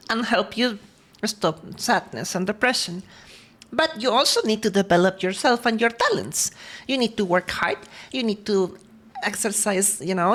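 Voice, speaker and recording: A woman's voice: medium pitch, a bit bright. A woman streamer in casual livestream chat, talking while eating, laughing often and greeting her chat between stories.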